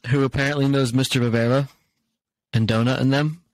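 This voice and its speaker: A man's voice: mid-range voice, steady tone, brisk, no echo. Laughing guy on a casual podcast. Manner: laughs often, retells comedy bits. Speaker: podcast co-host. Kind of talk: casual chat.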